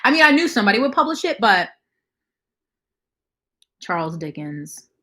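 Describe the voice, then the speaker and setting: Young woman on a livestream, blunt and sweary, chatting along with the comments, middle pitch. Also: big pitch swings, normal speed, pushed and bright. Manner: blunt, swears freely, reads comments aloud. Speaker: livestream host. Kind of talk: casual livestream chat, reacting to comments.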